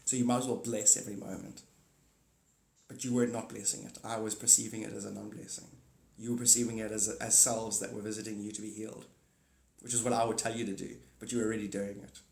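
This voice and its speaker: A man's voice: on the low side, little pitch movement, fast, gravelly, a little mellow. A man streaming live, rambling through a spiritual monologue, laughing often and slipping into little acted-out skits. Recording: roomy echo.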